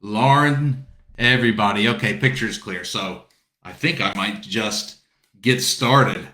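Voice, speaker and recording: A low-voiced man from South Carolina chats on a video call, rambling and greeting viewers as he hosts a book launch. His voice is bright and forceful. The sound comes through with a roomy echo. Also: unhurried. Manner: chatty, warm greetings to viewers, rambling asides. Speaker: author hosting a book launch livestream. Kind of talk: casual chat.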